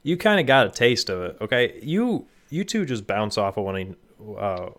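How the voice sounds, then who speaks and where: A young married man co-hosting a podcast in casual chat, animated, with stumbling restarts. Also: medium pitch, normal speed. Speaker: podcast co-host.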